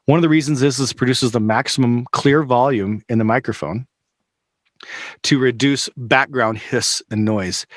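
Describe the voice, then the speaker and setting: A man's voice: mid-range voice, normal speed, dry recording. A man teaching a live online workshop, talking casually with fillers and restarts into a close microphone over a video call. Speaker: workshop instructor. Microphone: studio microphone close up, over a video call.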